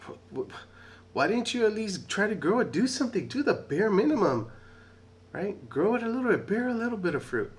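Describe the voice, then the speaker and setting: A man's voice: sits high, big pitch swings, fairly quick, pitched above the performer's own voice. A man voicing a stern male master who scolds a lazy servant in an exasperated way. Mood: angry scolding.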